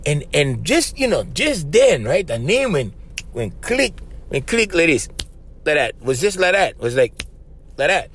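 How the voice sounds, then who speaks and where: A man with a Hawaiian Pidgin English accent, hosting a podcast and telling a story in an animated, casual way, repeating himself and calling the listener "bro.". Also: fairly high pitch, measured pace, breathy edge. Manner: animated, repetitive, with frequent laughs and "bro". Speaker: podcast host.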